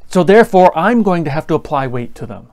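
A man's voice: on the high side, big pitch swings, brisk, a little mellow. A man preaching a sermon in a conversational way, with laughter and acted-out stories.

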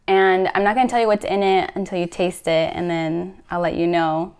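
A woman with a slightly hoarse voice from a cold, chatting casually and giggling as she shares a recipe in her home kitchen. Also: on the low side, little pitch movement, normal speed, darkish tone. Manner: bubbly and giggly. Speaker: cooking vlogger. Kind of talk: casual cooking video chat.

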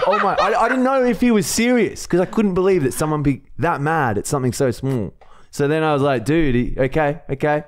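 A young man with an Australian accent tells a story on a casual podcast. His voice swings up and down with a lively, animated pitch, and he swears freely between bursts of laughter. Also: brisk, hardly any pauses. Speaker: podcast co-host. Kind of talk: casual chat.

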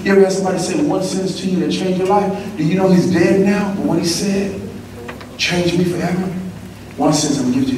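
A man from Los Angeles giving a motivational school-assembly talk, telling his story and calling out for the crowd to answer back, from hushed to shouting. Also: sits high, quick pace, background noise. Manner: storytelling, call-and-response with the audience, swings from hushed to shouting. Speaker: motivational speaker. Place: school gym or auditorium. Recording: echoey hall, voice from far off.

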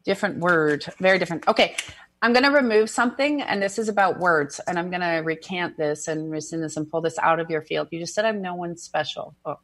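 A woman hosting a spiritual call-in radio show, talking in an animated way and acting out the voices she quotes. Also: on the low side, fairly quick. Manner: animated, acts out quoted voices, laughs easily.

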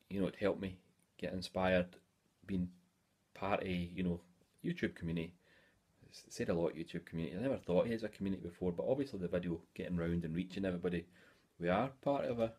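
A Scottish man in his forties talks casually to camera in a hobby vlog. His voice sits very low, and he rambles along with plenty of "eh" fillers. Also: a little mellow. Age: 40s. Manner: chatty and rambling, many "eh" fillers. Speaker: hobby YouTuber.

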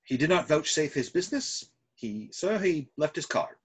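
A stiff, deferential manservant, as a man reads him in a play read over a video call. His voice sits a bit high and moves with lively pitch. It has a husky, breathy edge. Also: moderate pace. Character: deferential male manservant, formal and dry.

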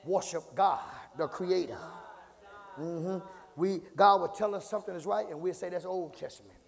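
Pastor guy preaching hard, rough gravelly voice, goes from quiet to shouting, echoey church hall. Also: moderate pace. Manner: impassioned preaching, swings from low murmur to shouting; call-and-response, repeats phrases. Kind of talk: sermon. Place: church sanctuary.

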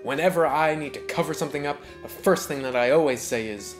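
A man's voice: on the high side, fast talker, music in the background. A man giving sarcastic, profane, mock-outraged voice-over commentary on a movie as its reviewer.

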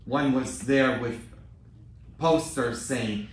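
Slow-preaching priest in echoing church. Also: male voice, mid-range voice. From Poland. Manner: storytelling, with frequent questioning "hmm?" asides to the congregation. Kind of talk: sermon. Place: large church. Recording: very echoey church from a distant mic.

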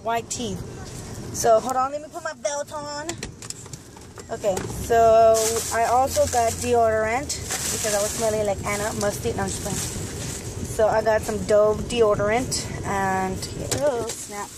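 A woman's voice: a little high, steady tone, a little slow. Chatty young woman vlogging on a noisy phone. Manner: chatty, rambling, frustrated at times. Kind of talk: casual vlog chat.

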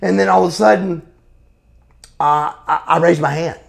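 A gravelly-voiced man in his forties, a former pro wrestler, is being interviewed and tells blunt, profane stories casually, calling the listener brother. His voice sits on the high side, with a steady tone and a moderate pace.

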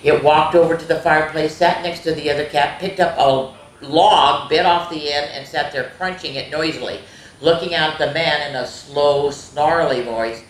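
A woman reading a spooky children's story aloud, expressive, with gasps and little asides to young listeners. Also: sits low, normal speed. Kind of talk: reading a spooky picture book aloud to kids. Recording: roomy echo.

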